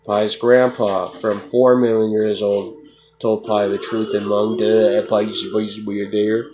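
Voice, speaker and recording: A man rambles on in a profane monologue in a flat, unvarying voice, often ending his lines with a dismissive "duh." The recording is muffled and lo-fi, with loud hiss underneath. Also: lowish voice, unhurried. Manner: repetitive, profane, tacks on "duh"; addresses an unseen listener. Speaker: self-described remote viewer.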